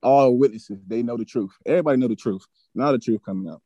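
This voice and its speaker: A young man in his twenties, a podcast guest telling a story in a casual, animated, profane way that turns heated. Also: mid-range voice, fast, dry recording. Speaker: podcast guest, former college football player.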